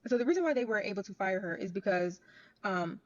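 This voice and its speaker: A woman's voice: mid-range voice, animated, quick pace. A woman who works in banking, telling a story to camera in a chatty way that repeats points for emphasis. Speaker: bank worker. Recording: dull lo-fi audio.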